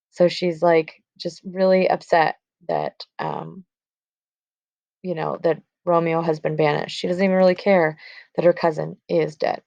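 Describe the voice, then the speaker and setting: A woman teacher explains a stage play in a casual, filler-laden way. Her voice is low and gravelly. The recording is dry and dull, with a lo-fi sound. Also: measured pace, darkish tone, dry recording. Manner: casual, with fillers like 'um' and 'like'.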